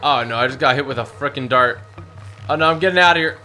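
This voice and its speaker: A young man doing excited gameplay commentary who talks in frequent exclamations. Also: mid-range voice, quick pace, soft background music. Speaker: gaming YouTuber.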